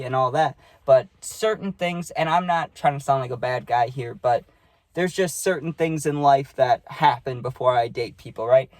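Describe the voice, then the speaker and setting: A man's voice: a little high, brisk, a little mellow, no echo. A young man telling a casual storytime, rambling and often tagging "right?" onto his sentences. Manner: rambling, keeps adding "right?". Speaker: vlogger.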